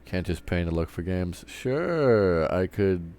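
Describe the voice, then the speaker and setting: A man's voice: low-pitched, lively intonation, takes it slowly, darkish tone, clear, resonant tone. A man streaming live, ranting casually with lots of swearing and stumbling restarts. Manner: profane, rambling, restarts often. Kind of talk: casual rant while streaming.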